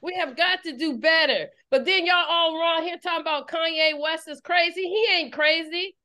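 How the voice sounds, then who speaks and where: A woman's voice: very high voice, normal speed, sharp tone. A woman preacher, delivering a fiery sermon and repeating her phrases for emphasis. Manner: preaching with rising call-and-response intensity, repeats phrases. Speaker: preacher leading an online service.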